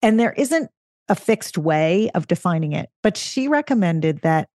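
Woman co-host with a lowish dry voice. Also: sing-song, a little slow, darkish tone, no room sound. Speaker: podcast co-host. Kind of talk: casual parenting discussion.

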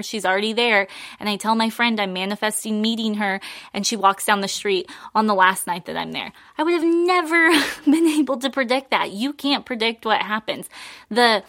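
A woman's voice: on the high side, normal speed, a bit bright, no echo, studio quality. A woman coaching in a casual monologue, chatty and emphatic, often laughing between points.

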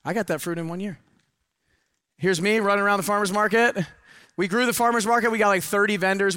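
Man, middle-aged, high bright voice, dry close sound, energetic preachy seminar talk, loud then hushed. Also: dry recording. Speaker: motivational speaker. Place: event hall with a live audience.

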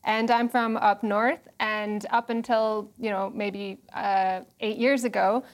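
A woman's voice: medium pitch, fairly even intonation, slow pace. A woman from Canada with a North American accent, speaking wryly as a panelist on a TV discussion.

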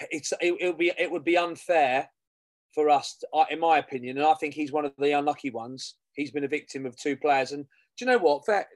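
A man's voice: a little high, no echo. A man co-hosting a fan podcast, rambling in casual football chat and repeating himself. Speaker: podcast co-host.

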